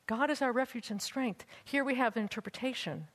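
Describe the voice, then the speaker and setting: A woman's voice: fairly high pitch, a little fast. A woman teaching a class on church music and hymnals, chatty with teasing asides and breaking into chant and song for examples. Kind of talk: hymnal lecture with sung examples. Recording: long hall reverb.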